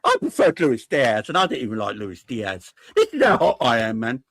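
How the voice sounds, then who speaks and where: A man's voice: medium pitch, moderate pace, no room sound. A man, ranting jokily and heatedly as a football fan pundit on a match reaction show. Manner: animated, exasperated, jokey rants.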